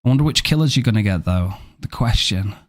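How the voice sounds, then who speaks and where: A man's voice: fairly low pitch, lively intonation, fast talker. A man live-streaming a game, chatting casually and playfully, joking and thanking viewers by name, with casual swearing.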